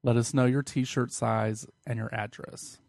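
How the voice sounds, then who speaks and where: A man's voice: mid-range voice, level tone, measured pace, gravelly, darkish tone, no echo, clean studio sound. A young man co-hosting a casual podcast, playful and giggly. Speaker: podcast co-host.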